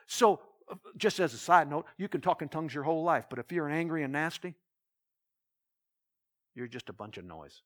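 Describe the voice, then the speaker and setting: This is a pastor whose voice sits fairly high. He speaks in a loose, storytelling way from the pulpit, and he often restarts his sentences and acts out the back-and-forth of a conversation. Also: normal speed, long pauses. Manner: animated retelling with quoted dialogue, restarts. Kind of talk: sermon storytelling.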